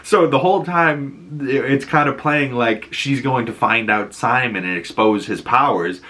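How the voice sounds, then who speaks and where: A man with a Boston accent, chatting casually as he recaps episodes of a show and acts out the characters' lines in quick voices. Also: mid-range voice, sharp tone.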